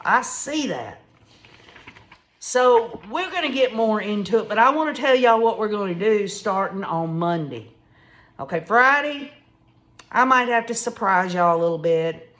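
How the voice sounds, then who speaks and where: A woman's voice: mid-range voice, fairly bright tone. A woman hosting casual true crime commentary, emphatic and talking straight to her listeners. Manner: emphatic, addresses listeners as y'all.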